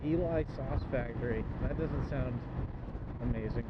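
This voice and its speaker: A man's voice: a little high, moderate pace. Rambling young man riding a motorbike. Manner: rambling, profane, joking to viewers. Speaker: motorcycle travel vlogger. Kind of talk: casual riding commentary. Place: outdoors on a moving motorcycle. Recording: muffled sound with loud road noise.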